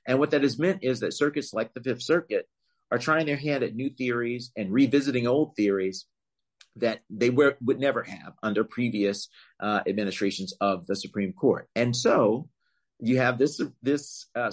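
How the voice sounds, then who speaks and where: As a guest expert on voting rights law, a man with a medium-pitched voice gives long, measured interview answers. He explains points carefully, using some fillers and emphatic rises.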